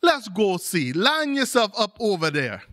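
A man voicing a huge, vain male snake, slow and proud. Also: sits high, wildly swooping pitch, fairly bright tone, full character voice.

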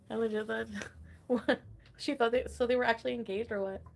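A woman's voice: on the high side, steady tone, moderate pace, gravelly, a little hiss or hum. Giggly, foul-mouthed woman streamer. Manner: giggly, profane, filler-heavy gossip. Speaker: online streamer. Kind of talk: casual livestream chat.

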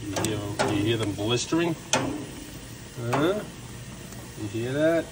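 A man giving a relaxed, chatty cooking demonstration, talking viewers through each step with lots of fillers and asides. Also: medium pitch, slow pace. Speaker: home cook showing a recipe. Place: kitchen, then an outdoor backyard grill. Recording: outdoor background noise.

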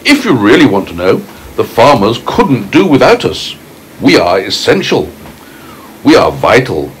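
A man's voice: on the low side, very animated, unhurried, a little hiss or hum, low-quality recording. A man voicing a proud, chatty male earthworm in a storybook read aloud to a child.

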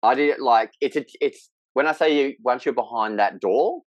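A man, speaking as a podcast guest in candid conversation, halting and emotional with frequent restarts. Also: medium pitch, no echo, muffled recording.

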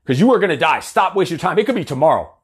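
A man's voice: a little high, very animated, racing. A man in his forties, a coach giving a blunt, profane, fired-up motivational talk. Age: 40s. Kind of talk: motivational monologue.

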